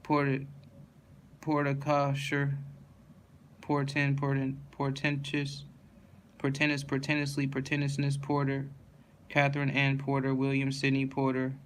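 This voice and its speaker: A man reading dictionary entries aloud one after another in a flat, steady monotone, now and then stumbling and correcting himself. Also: mid-range voice, measured pace, pauses often, slight background noise.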